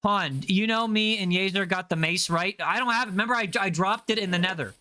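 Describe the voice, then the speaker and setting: A young man in his twenties with an American accent, chatting casually with his livestream audience, slangy and full of quick self-corrections. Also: high voice, pushed and bright. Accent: General American. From United States. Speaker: livestreamer reading chat.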